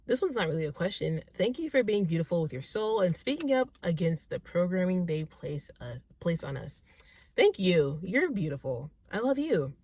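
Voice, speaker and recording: Her voice sits on the low side, a little mellow with a breathy edge, swinging widely in pitch at a moderate pace with no echo. This young vlogger talks to camera answering viewer questions, chatty and enthusiastic, frequently rambling and correcting herself.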